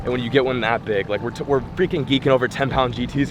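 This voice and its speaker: A young man vlogging on a fishing boat at sea, chatting casually and commenting excitedly on the fishing. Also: mid-range voice, fast, few pauses, background noise. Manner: excitable, laughing, swings between chatty and loud. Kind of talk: casual vlog chat and live fishing commentary.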